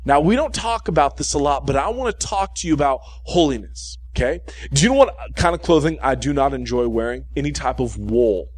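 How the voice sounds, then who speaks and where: A male preacher delivers a sermon with lively, humorous storytelling, circling back to repeat his main points and checking in with the room. His voice sits a little high for a man. The sound is close and dry, with almost no reverb. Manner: animated, repeats key points and checks in with "okay?".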